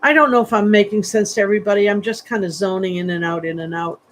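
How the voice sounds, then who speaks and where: A woman's voice: medium pitch, fast talker, a little hiss or hum, poor audio. Chatty, rambling woman medium. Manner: rambling, chatty, many fillers and restarts. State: sleepy, yawning. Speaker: psychic medium. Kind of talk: livestream reading.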